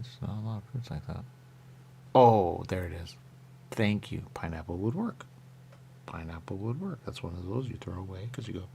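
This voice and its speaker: A man's voice: low-pitched, vocal fry, warm tone, a little hiss or hum. A man hosting a radio show, rambling playfully in casual chat while tasting pastries. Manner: rambling, playful, jumps between thoughts.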